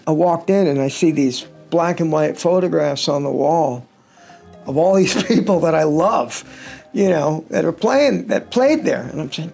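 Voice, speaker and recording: A gravelly, somewhat high-voiced middle-aged man talks casually about life as a touring guitarist. He rambles through anecdotes with wry humor, and faint music plays behind him. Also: a little mellow. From United States. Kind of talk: casual interview chat.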